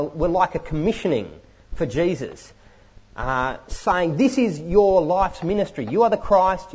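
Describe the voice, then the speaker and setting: Animated husky male preacher. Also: on the high side, rough recording. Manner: animated, conversational, self-correcting. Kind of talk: sermon.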